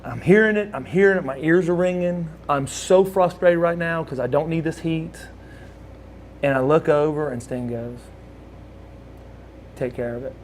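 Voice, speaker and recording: A man from Oklahoma telling a casual story as a guest, animated and acting out what others said. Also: on the high side, normal speed, slight background noise. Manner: animated storyteller who acts out the voices of others. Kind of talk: casual anecdote.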